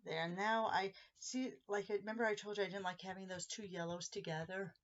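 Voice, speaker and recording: A woman's voice: mid-range voice, fairly even intonation, a little fast, lo-fi sound. A woman hosting a casual crafting tutorial, chatting as she walks viewers through each step of a handmade card.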